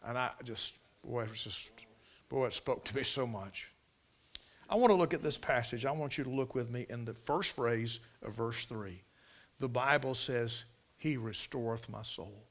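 Preacher swinging loud to hushed. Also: male voice, medium pitch, normal speed. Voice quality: folksy storytelling preacher, swings from loud emphasis to hushed near-whispers. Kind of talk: sermon.

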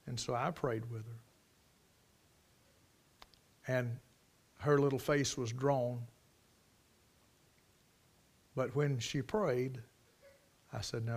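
A man preaching a sermon, moving from quiet storytelling to loud, emphatic preaching. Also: mid-range voice, vocal fry.

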